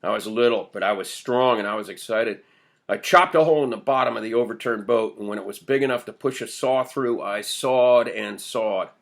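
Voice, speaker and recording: A man's voice: fairly low pitch, brisk, gravelly. A man reading an old villager's first-person tale of his boyhood, told in earnest storytelling. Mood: excited. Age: older. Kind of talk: audiobook character voice.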